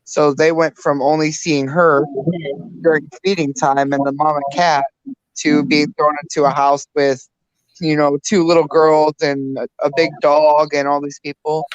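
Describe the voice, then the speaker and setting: A woman's voice: low-pitched, level tone, unhurried, dry recording, dull audio. A woman in her thirties co-hosting a casual podcast chat, rambling with restarts and fillers. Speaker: podcast co-host.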